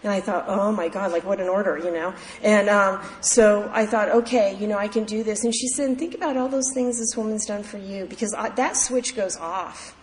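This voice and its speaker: A woman's voice: mid-range voice, moderate pace, hardly any pauses, slight background noise. A woman sharing her recovery story at a meeting, talking casually with many fillers and restarts. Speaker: AA meeting speaker. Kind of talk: personal recovery talk. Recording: echoey hall, faint ambience.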